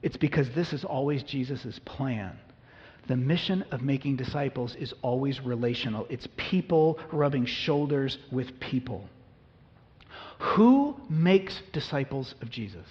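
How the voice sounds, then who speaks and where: A man's voice: medium pitch, animated, a little slow, darkish tone. A male pastor preaching a conversational sermon, acting out biblical dialogue with humor. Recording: reverberant hall, dull lo-fi sound.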